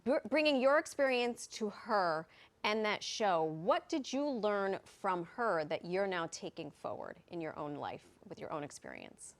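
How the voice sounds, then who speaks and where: A woman's voice: mid-range voice, big pitch swings, measured pace. A woman hosting a TV news interview, chatty and enthusiastic, often affirming her guest. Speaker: news show host.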